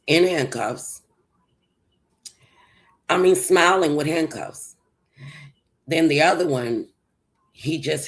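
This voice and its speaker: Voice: medium pitch, low-quality recording. A livestream host telling a personal story, rambling and circling back with many restarts.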